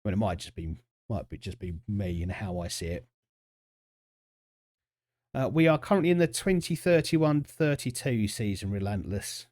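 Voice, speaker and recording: A man chats casually through a football management game stream, joking with his viewers. His voice sits low but swings up and down with lively pitch. The sound is close and dry, with no room around it. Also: normal speed, dry recording. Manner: chatty, jokey, reacts to chat and the match. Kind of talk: casual live-stream commentary.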